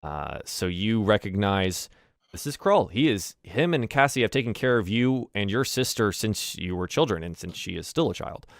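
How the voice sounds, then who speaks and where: Halting low-voiced man running a tabletop game. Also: expressive, no echo, clean studio sound. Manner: halting, many fillers and restarts. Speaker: game master.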